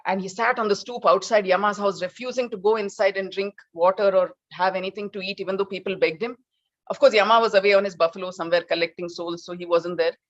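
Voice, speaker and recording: A woman giving an animated storytelling talk, acting out characters. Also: lowish voice, muffled recording. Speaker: speaker.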